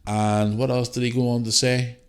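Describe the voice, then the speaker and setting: A man's voice: mid-range voice, flat delivery, normal speed, clear, resonant tone. A man hosting his podcast, talking bluntly and swearing freely as he rants. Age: adult parent. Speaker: podcast host. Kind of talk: casual solo podcast talk.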